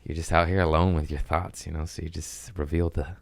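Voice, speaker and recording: A man hosting a podcast in a casual rambling monologue, profane and self-mocking, drifting between quick asides and mumbled lines. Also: extremely low pitch, flat delivery, gravelly, no room sound. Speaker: podcast host.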